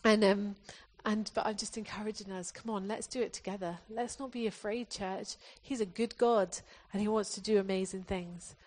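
A woman's voice: medium pitch, fairly even intonation, normal speed, few pauses, a little mellow. A woman preacher from England giving an earnest sermon, often restarting her phrases as she exhorts the congregation.

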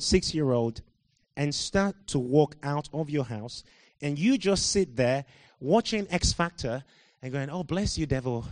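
A man from Africa preaching a sermon, swinging from quiet, musing talk to loud shouting and laughing at himself. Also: on the high side, no echo.

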